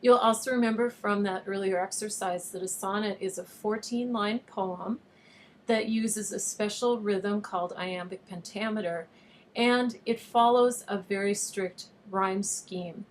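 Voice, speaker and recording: A woman's voice: mid-range voice, a little slow, slight background noise. A woman teacher giving a patient, explanatory recorded video lesson, at times reading verse aloud with an overstressed rhythm. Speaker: online high school teacher.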